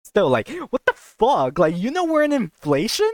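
A young woman co-hosting a podcast, telling a story in a casual, animated way, swearing and acting out voices. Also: medium pitch, moderate pace, no room sound, clean studio sound. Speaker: podcast co-host.

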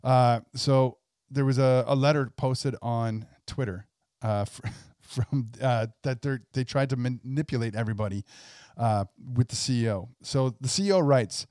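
A man's voice: medium pitch, steady tone, normal speed, a little mellow, no room sound, studio quality. A man co-hosting a casual podcast, reading a letter aloud with mocking commentary. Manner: reads a corporate letter aloud in a mock voice. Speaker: podcast co-host.

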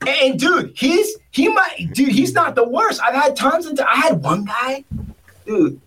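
A man's voice: very high voice, big pitch swings, measured pace, sharp tone, far from the mic. A man co-hosting a casual podcast, telling rambling stories with many restarts and acting out other people's lines. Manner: rambling storyteller, acts out others in funny voices. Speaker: podcast co-host. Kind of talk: casual chat.

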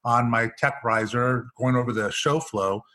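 A man's voice: mid-range voice, steady tone, unhurried, bright, forceful tone. A middle-aged man, an executive coach, telling stories in a podcast interview and acting out the dialogue in them. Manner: storyteller, acts out quoted dialogue.

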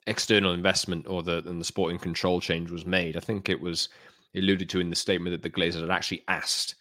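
A man co-hosting a football podcast in casual chat, talking in a measured way. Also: low voice, little pitch movement, sharp tone, dry recording, clean studio sound. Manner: measured, with fillers and restarts. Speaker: podcast co-host.

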